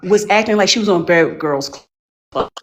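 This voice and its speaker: Emphatic, slangy woman, lower voice. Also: normal speed. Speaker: panelist. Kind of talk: casual chat.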